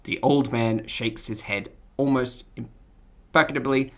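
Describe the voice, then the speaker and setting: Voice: medium pitch, a little slow, fairly bright tone. A streamer reading game text aloud and commenting, giggly and self-mocking while trying out character voices. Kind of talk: let's-play commentary and narration.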